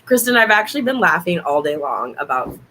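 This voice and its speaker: A hoarse young woman hosting a casual livestream, chatting warmly and fondly with her viewers. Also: fairly low pitch, big pitch swings, fairly quick, slight background noise, rough recording. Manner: chatty, affectionate toward viewers. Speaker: livestream host.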